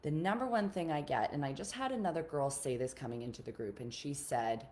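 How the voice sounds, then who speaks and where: Woman, low voice, relationship coach, casual live-stream talk, earnest, encouraging, repeats herself. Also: brisk, few pauses, a little mellow.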